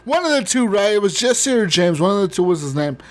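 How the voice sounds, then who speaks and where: Man, gaming podcast host, slightly high-pitched, rambling and profane. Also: very animated, fast. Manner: profane, rambling, laughs often. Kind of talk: casual podcast chat.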